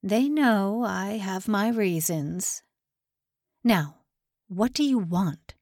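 A woman's voice: mid-range voice, lively intonation, extremely slow, darkish tone, no echo, clean studio sound, exaggerated voice. A woman narrator voicing a stern, cold male general who talks curtly and dismissively. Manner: curt, dismissive, unmoved.

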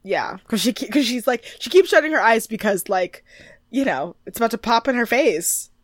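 A woman's voice: fairly high pitch, normal speed, no room sound. Woman cohost gabbing through a recap, goofy mock voices, dry close mic. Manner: animated, acts out quotes in mock voices. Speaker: podcast co-host. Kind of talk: casual recap chat.

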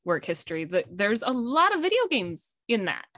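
A woman's voice: medium pitch, sing-song, normal speed, a bit bright, dry recording, studio quality. A woman hosting an interview, asking questions in a friendly, easy-laughing way. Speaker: interview host. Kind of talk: casual interview.

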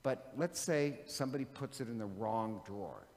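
A man's voice: fairly low pitch, expressive, moderate pace, darkish tone, in a large hall. A man preaching a sermon in a chatty, joking storytelling manner.

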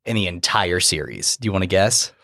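A man's voice: deep voice, animated, brisk, vocal fry, sharp tone, dry recording, studio quality. A man co-hosting a podcast in casual chat, enthusiastic and swearing, sometimes stumbling over names. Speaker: podcast co-host.

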